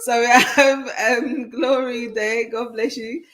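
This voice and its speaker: A woman's voice: on the high side, steady tone, takes it slowly, a bit bright. A woman from the United Kingdom co-hosting a live church talk show, cheerfully reading out viewer messages and laughing often. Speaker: co-host, pastor's wife.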